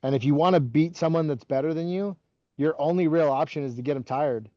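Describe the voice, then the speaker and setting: A man's voice: a little high, brisk, no echo, lo-fi sound. A man in his forties, a former wrestling coach, speaking as a podcast guest and telling long rambling stories full of "like" and restarts. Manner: rambling, heavy use of "like" and restarts. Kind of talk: casual interview storytelling.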